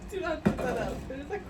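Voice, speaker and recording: A woman co-hosting a podcast, chatting casually and rambling with fillers and giggles. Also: sits high. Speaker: podcast co-host. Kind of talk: casual chat. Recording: distant mic with clear background noise.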